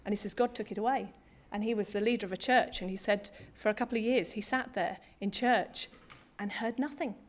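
A woman's voice: medium pitch, steady tone, a little fast, few pauses. Woman, middle-aged, from Britain, preacher, sermon, conversational, self-deprecating humour.

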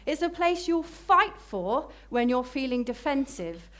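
Woman preacher, slightly high voice, emphatic sermon delivery that slows for key phrases. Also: sing-song, a bit bright. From Britain.

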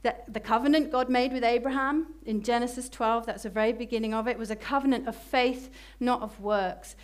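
A woman's voice: on the high side, steady tone. Emphatic woman preaching a sermon. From Britain. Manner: emphatic, slowing for key phrases.

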